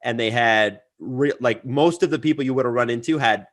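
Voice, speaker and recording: A man's voice: mid-range voice, fairly quick. A man co-hosting a podcast in casual chat, laid-back, telling stories and laughing often. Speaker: podcast co-host.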